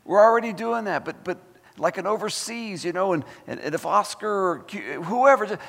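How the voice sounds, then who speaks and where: A man preaching a sermon as pastor, fired up and animated, full of folksy asides and repeated words. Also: sits high, moderate pace, gravelly, in a large hall. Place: church sanctuary.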